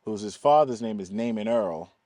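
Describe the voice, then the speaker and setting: Man from telling lively stories. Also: on the low side, moderate pace, no room sound, studio quality. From East Baltimore, USA. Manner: animated, acts out quoted voices, laughs often. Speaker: film producer, guest. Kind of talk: casual interview storytelling.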